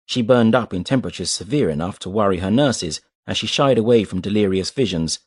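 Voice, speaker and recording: A man with a very low, deep voice reads an audiobook steadily and evenly. The sound is dry and close, with no room around it. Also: lively intonation, fairly quick, a little mellow, breathy edge, no room sound. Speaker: audiobook narrator. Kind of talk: scripted narration.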